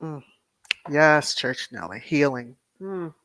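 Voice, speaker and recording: A livestream host chatting casually, reading viewer messages aloud and repeating thanks and soft prayerful affirmations. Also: medium pitch, big pitch swings, takes it slowly, no echo.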